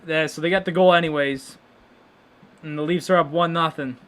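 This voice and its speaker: Excitable young man calling hockey live. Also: on the high side, moderate pace. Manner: excitable play-by-play, bursts of loud exclamations. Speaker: watchalong host. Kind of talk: live hockey watchalong commentary.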